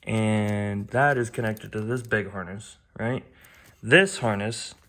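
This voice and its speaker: A man's voice: on the low side, slow pace, a bit bright, slight background noise. A young man vlogging about fixing up his car, talking casually and bluntly, with some swearing and self-deprecating jokes. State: out of breath. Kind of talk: casual vlog. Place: home garage.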